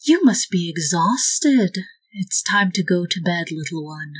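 Woman doing a soft motherly lady, slow and coaxing, putting a kid to bed. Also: on the low side, animated. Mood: soothing. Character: motherly woman tucking a child in, soft and soothing.

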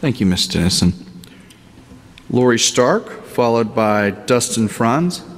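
A man chairs the hearing and calls speakers by name in a brisk, procedural way. He sounds distant in an echoey hall, with a middling pitch. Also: expressive. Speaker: committee chair.

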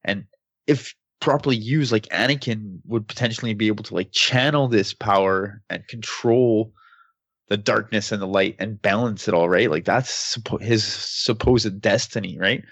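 A man's voice: fairly low pitch, normal speed, fairly bright tone, husky, no room sound. A man talking casually and with enthusiasm, rambling and often saying "man" and "like". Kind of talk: casual discussion.

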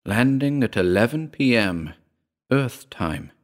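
A man's voice: mid-range voice, animated, slow. A man reading a story aloud and voicing an alien broadcaster in a droning, penetrating sing-song.

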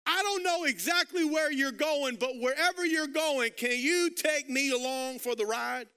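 A man's voice: extremely high pitch, unhurried, pitched above the performer's own voice, heavily acted. A man voicing a repentant criminal in a sermon retelling, raising his voice as he pleads. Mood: pleading. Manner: shouting, pleading.

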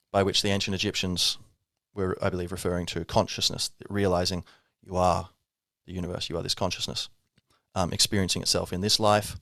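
A podcast host delivers a reflective spiritual monologue, musing casually and rambling with wry asides. His voice is low-pitched and a bit bright, captured as clean studio sound with no echo.

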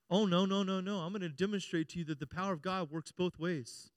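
A middle-aged man, a pastor preaching a sermon, calling out "Amen?" and moving between loud and hushed passages. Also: high voice, fairly quick, few pauses, clear, resonant tone, dry recording. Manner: preaching with call-and-response "Amen?" and swings between loud and quiet.

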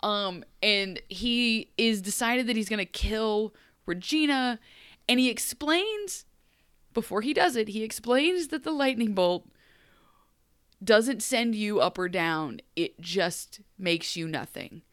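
A woman co-hosting a podcast, recapping an episode in casual chat, animated and laughing often as she acts out characters. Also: mid-range voice, slow pace, smooth, no room sound, clean studio sound. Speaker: podcast co-host.

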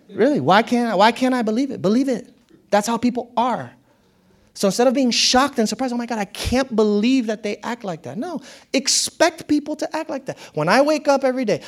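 A man giving a motivational talk to an audience, casual and conversational. He often breaks into laughter. His voice swings from quiet, low stretches up to bright, excited highs. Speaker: speaker addressing an audience.

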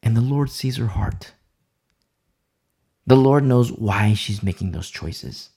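A man preaching a Bible sermon with passion, dropping to hushed asides and repeating phrases for effect. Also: lowish voice, expressive, takes it slowly, creaky, breathy edge. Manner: impassioned, swings between loud emphasis and hushed asides.

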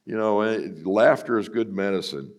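A man's voice: lowish voice, moderate pace. An older man preaching as a guest speaker, telling personal stories in a folksy, earnest way. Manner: folksy, earnest, acts out quotes.

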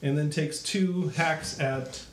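Game master, male, slightly higher voice, methodical with fillers, roomy recording. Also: slow pace, background noise. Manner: steady, methodical, with frequent fillers. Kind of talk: narrating a tabletop game.

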